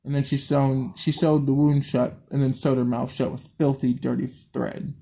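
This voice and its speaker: Man, reading a horror story aloud, stumbling and restarting, swears at slip-ups, dark mellow voice. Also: mid-range voice, flat delivery, moderate pace, creaky. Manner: stumbles, restarts and swears at his own misreadings. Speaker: story reader.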